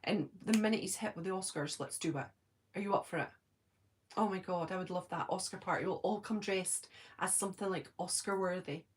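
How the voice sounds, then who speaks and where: A middle-aged Scottish woman hosting a fan live stream. She reads the chat and answers it, chatty and giggly, laughing at herself and filling pauses with lots of ums. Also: on the low side. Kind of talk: casual live-stream chat, reading comments.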